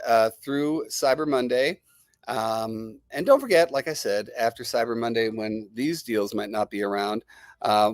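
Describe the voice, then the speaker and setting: A man hosting a live stream talks to his viewers in a rambling, enthusiastic sales patter. His voice sits at an ordinary middle pitch and is recorded close and dry, with faint music underneath. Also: no room sound. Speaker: host. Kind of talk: live-stream product chat, answering viewer comments.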